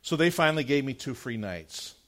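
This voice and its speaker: A middle-aged male pastor preaching a sermon, telling a personal story in an animated, conversational way before leading into prayer. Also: medium pitch. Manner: earnest, measured prayer closing the sermon.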